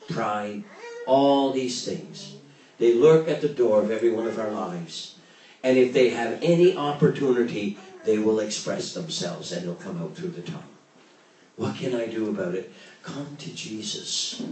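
A man preaching a sermon as pastor, swinging from loud, raised exhortation to low, quiet emphasis. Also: a little hiss or hum. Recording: roomy, distant mic with faint ambience.

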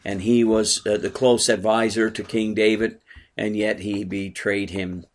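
A man's voice: lowish voice, level tone, a little slow. A man, a pastor, giving a conversational bible study sermon and asking his small congregation questions.

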